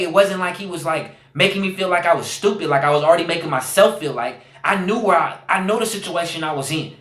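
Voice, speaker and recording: A man speaks as a podcast guest, earnest and searching, often repeating phrases and leaning on fillers. His voice sits a little high for a man. The recording carries a noticeable room echo. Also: a bit bright. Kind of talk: personal storytelling.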